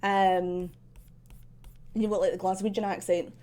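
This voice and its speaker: A young woman from central Scotland with a softened, slightly posh Scottish accent, chatting casually while drawing on a stream, rambling with many ums and likes and laughing often. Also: medium pitch, level tone, unhurried.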